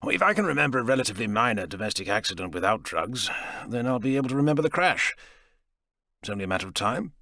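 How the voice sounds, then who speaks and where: A man's voice: mid-range voice, big pitch swings, quick pace, vocal fry, sharp tone, dry recording, studio quality, voice pushed up, exaggerated voice. A man putting on a wary, sardonic young pilot. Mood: probing. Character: young RAF squadron leader, wary and sardonic.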